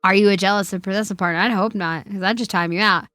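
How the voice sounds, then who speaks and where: Bright, profane woman streamer. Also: mid-range voice, fairly even intonation, quick pace, no room sound, soft background music. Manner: profane, teasing banter; reads viewer questions aloud and answers them. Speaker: streamer host. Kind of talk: casual live-stream chat.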